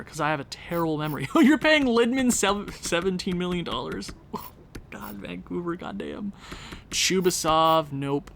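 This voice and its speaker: A man's voice: on the high side, a bit bright, slight background noise. A young Canadian man giving casual, rambling commentary on a game, talking to himself with jokey asides. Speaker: gaming video creator.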